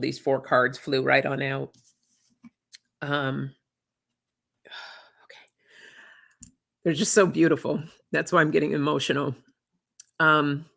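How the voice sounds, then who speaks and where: A woman giving a live oracle card reading in a gentle, emotional, reflective way, often laughing softly. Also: sits low, gravelly.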